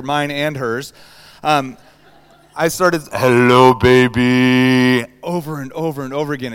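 A man in his thirties preaching a sermon, telling a personal story with lively acted-out voices. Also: a little high, smooth. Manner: animated storyteller, acts out voices. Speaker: pastor.

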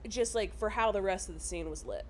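A woman's voice: mid-range voice, a little fast, slight background noise. A woman co-hosting a casual film recap, swearing freely and acting out quotes as she talks.

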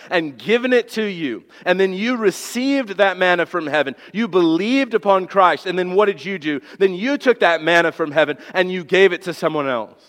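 Male pastor, fairly high voice, emphatic sermon delivery with rhetorical questions, long hall reverb. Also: a bit bright.

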